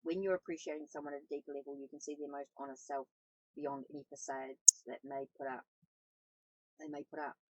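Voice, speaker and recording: A woman reading the lines of a perceptive, calm spiritual guide in a storybook, in a plain read-aloud voice with small slips. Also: deep voice, brisk, low-quality recording.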